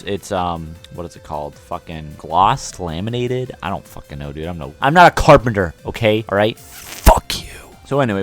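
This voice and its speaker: A young man telling a rambling, profane, self-mocking story in a casual vlog. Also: lowish voice.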